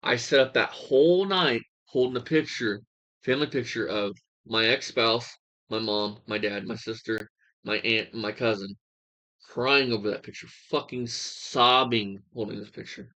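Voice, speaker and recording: A man's voice: medium pitch, normal speed, bright, forceful tone. A young man giving a heated, crude reaction commentary, swearing and mocking as he talks.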